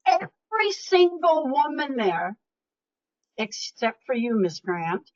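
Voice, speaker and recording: A woman's voice: high-pitched, big pitch swings, slow pace. An older woman giving a webinar talk as a motivational speaker, emphatic and chatty. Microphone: video call. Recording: lo-fi video call audio.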